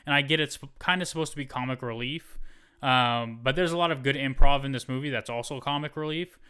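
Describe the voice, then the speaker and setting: A podcast co-host in a casual movie review chat retells a film's plot in an animated, profane way, swearing plenty. His medium-pitched voice is clear and resonant, moving a little fast.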